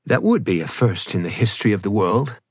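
A man's voice: fairly low pitch, sing-song, a little fast, slightly rough, no room sound. A man voicing a weary young woman in an audiobook, dry and sarcastic. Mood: sardonic.

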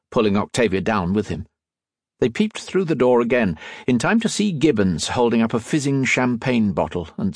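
A man narrating an adventure novel aloud in a measured storytelling manner. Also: on the low side, no echo, studio quality. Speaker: audiobook narrator. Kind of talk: scripted narration.

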